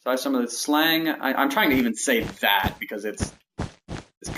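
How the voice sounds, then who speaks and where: A man's voice: mid-range voice, moderate pace, slight background noise, poor audio. A man streaming a game build, chatting to viewers in a rambling, self-deprecating way while he counts blocks aloud. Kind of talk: casual livestream chat while building in a game. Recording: steady mouse and keyboard clicks behind.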